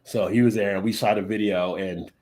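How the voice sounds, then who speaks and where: A man's voice: fairly low pitch, steady tone, brisk, darkish tone. A man in casual chat on a live stream, telling rambling beer-trip stories and laughing often. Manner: rambling anecdotes with frequent laughter.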